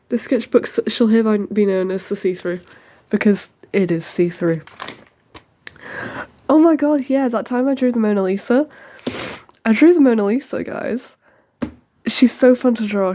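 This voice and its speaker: A teenage girl chatting casually through a tour of her sketchbook, rambling with lots of ums and quick asides. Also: medium pitch, warm tone.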